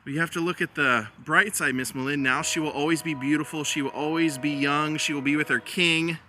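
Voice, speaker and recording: A man voicing a gentle young woman who speaks softly and earnestly to console a friend. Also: a little high, steady tone, fairly quick, a little hiss or hum. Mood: consoling.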